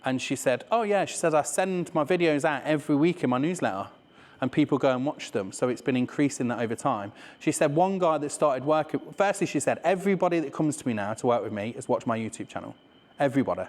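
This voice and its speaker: A man's voice: mid-range voice, lively intonation, fast. A man with a Leicester accent speaks to a room of people in an easy, joking way, dropping swear words and tag questions. His voice sits in the middle range and carries the long tail of a reverberant hall. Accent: Leicester English. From England. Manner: chatty and swearing, with many "right?" asides. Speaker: speaker giving a business talk. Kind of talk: live presentation to an audience. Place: room with an audience.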